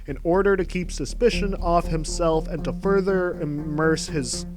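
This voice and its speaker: A man's voice: fairly high pitch, unhurried, music in the background. A man narrating a scripted video essay in a sardonic, exasperated manner.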